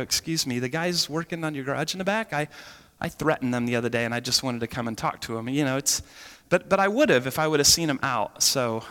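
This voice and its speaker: A man preaching a sermon and telling his story with animated shifts between loud bursts and quiet moments. His voice is bright and forceful. It rings out with the long reverb of a large hall. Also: mid-range voice.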